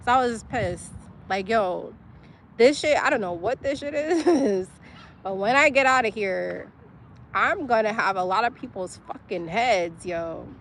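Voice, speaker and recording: A woman's voice: mid-range voice, animated, a little slow, fairly bright tone, a little hiss or hum. A young woman, venting angrily in a profane, emotional personal vlog. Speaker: livestream host.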